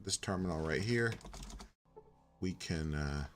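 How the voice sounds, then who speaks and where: A man's voice: sits low, a little slow, slight background noise. A man giving casual, rambling commentary on a game playthrough and reading its text aloud. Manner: relaxed, rambling, reads on-screen text aloud. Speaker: game streamer.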